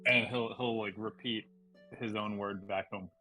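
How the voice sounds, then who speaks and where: A man's voice: on the low side, fairly even intonation, unhurried, sharp tone, soft background music, low-quality recording. A man playing in a tabletop game, describing his actions hesitantly with many fillers. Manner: hesitant, full of likes and ums. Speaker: player.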